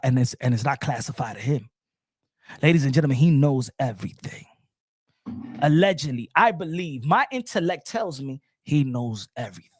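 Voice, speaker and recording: This boxing commentator's pitch is fairly high and his tone darkish, recorded dry without echo. Addressing viewers solo, he's animated and emphatic, repeats himself, and fields his own questions to the chat.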